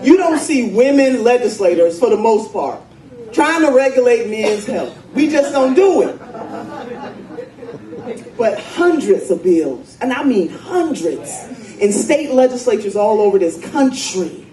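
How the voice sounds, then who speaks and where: A woman's voice: on the high side, big pitch swings, unhurried, mellow. A woman state senator giving a fiery, emphatic political speech to a live audience at a conference. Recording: echoey room, distant mic, crowd noise.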